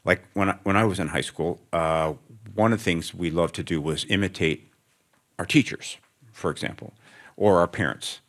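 Deep-voiced man musing thoughtfully onstage. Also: normal speed, fairly bright tone. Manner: thoughtful, rambling, self-interrupting. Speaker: writer guest. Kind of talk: onstage interview before students. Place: lecture room with student audience.

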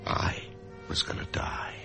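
An actor playing an anxious office worker who expects to die, narrating and speaking in a hesitant, stammering way in an old radio drama. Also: male voice, slow, over music, close to an everyday voice. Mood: brooding. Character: anxious male office worker facing death. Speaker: narrator and lead character. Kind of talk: 1950s radio drama acting.

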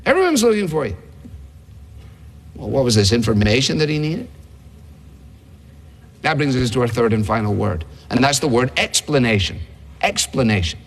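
A man's voice: medium pitch, moderate pace, long pauses. A man preaching a sermon in a conversational way, asking rhetorical questions. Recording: long hall reverb.

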